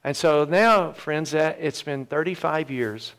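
A man in his fifties, a pastor telling his own story in a sermon with earnest, halting repeats. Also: a little high, vocal fry, a bit bright. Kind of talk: sermon testimony.

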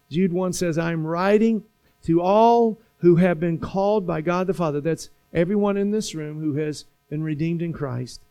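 A man preaching a sermon in a church, repeating phrases and building slowly to emphatic points. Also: sits high, mellow, smooth. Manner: preaching with slow emphatic build-ups and repetition. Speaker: pastor. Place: church sanctuary.

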